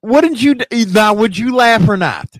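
Guy on a podcast, joking around crude, voice jumps all over, kinda high, dry close mic. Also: lively intonation, measured pace, dry recording. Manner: joking and laughing often. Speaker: podcast co-host. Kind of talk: casual crude banter.

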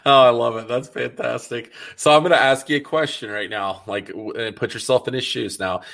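A man's voice: medium pitch, fairly quick, vocal fry, a bit bright. A man hosting a casual interview, chatty and enthusiastic, with plenty of "like" fillers. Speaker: interview host.

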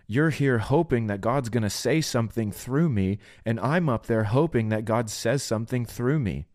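A man's voice: mid-range voice, a little mellow, dry recording, clean studio sound. A man hosting a solo podcast, preaching earnestly and pleading with listeners, often acting out the voices he quotes.

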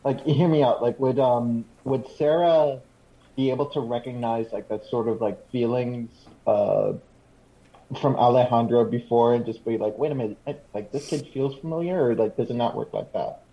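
A man's voice: medium pitch, steady tone, moderate pace. A man playing a tabletop role-playing game, rambling in joking asides. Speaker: player. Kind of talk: casual tabletop role-play. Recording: dull lo-fi mic.

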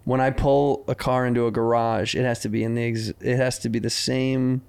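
Male comic guest, mid pitch, quick self-deprecating chat, casual. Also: creaky, clean tone. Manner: quick, self-mocking, animated storytelling. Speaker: comedian guest.

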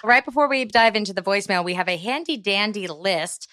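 A woman's voice: medium pitch, lively intonation, brisk, a bit bright, no echo, clean studio sound. A woman co-hosting a casual podcast chat, playful and joking, laughing a lot. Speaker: podcast co-host.

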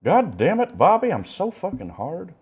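A man putting on the voice of an excitable cartoon boy, squealing and giggly. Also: high-pitched, moderate pace, husky, pitched above the performer's own voice, heavily acted. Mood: giddy.

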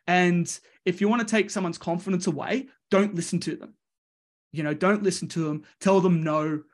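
Australian male wrestling coach, high voice, lively storyteller who does the voices. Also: moderate pace. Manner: lively, voices the people in his stories. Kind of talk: animated storytelling.

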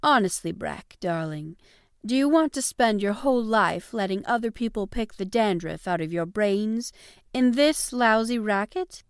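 A woman's voice: mid-range voice, lively intonation, measured pace, clear, resonant tone, dry recording, voice pushed up. A woman voicing a blunt, serious young woman who speaks dryly and a little peevishly. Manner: dry, impassive, peevish.

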